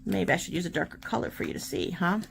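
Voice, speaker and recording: A chatty woman with a lower voice gives a casual art demonstration, encouraging the viewer as she works. Her talk runs loose and friendly, with faint room noise behind her. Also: very animated, quick pace, vocal fry. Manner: chatty, encouraging, talks while working. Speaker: art tutorial host.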